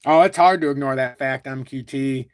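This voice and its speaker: A man hosting a crypto live stream, talking at length in a blunt, calm and even tone while reading out viewer super chats. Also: mid-range voice, normal speed, clear, resonant tone, no room sound. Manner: talkative and blunt, reads super chats aloud; calm, even-toned delivery even when annoyed. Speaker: crypto livestream host. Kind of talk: live-stream market commentary.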